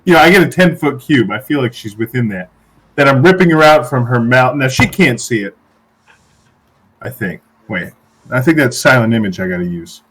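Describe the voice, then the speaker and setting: A man playing a tabletop game, excitable and swearing a lot. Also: medium pitch, normal speed, husky. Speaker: player.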